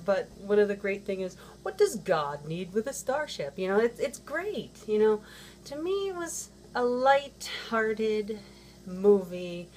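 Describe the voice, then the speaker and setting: A woman chatting casually to her camera, wandering from point to point and filling gaps with ums and you-knows. Her voice sits at an ordinary middle pitch. A faint hiss runs under the recording. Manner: rambling, chatty, with many fillers and restarts. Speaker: vlogger. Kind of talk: casual chat.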